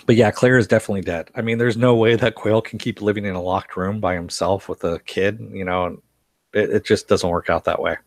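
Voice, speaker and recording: A man's voice: fairly low pitch, fairly even intonation, brisk, dry recording. A man hosting a casual live-stream recap, reading chat comments aloud, rambling with lots of fillers and chuckles. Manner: rambling, laughs often, many fillers and restarts. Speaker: live stream host reviewing a TV series.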